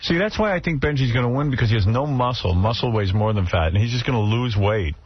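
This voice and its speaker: A man's voice: mid-range voice, expressive, fast talker, breathy edge. A man hosting a radio show, bluntly teasing the crew and running the segment. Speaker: radio host. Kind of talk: brash radio banter. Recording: muffled radio studio recording.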